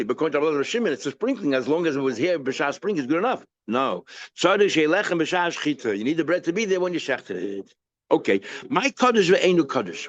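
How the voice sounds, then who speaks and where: A rabbi teaching a daily Talmud page in a casual lecture, asking questions and answering them himself, mixing English with Hebrew and Yiddish terms. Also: male voice, mid-range voice, muffled recording.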